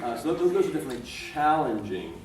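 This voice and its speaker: A man's voice: fairly high pitch, big pitch swings, quick pace. A man voice actor sharing joking anecdotes on a convention panel. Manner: joking, acts out shouted lines. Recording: echoey room from far off, noisy.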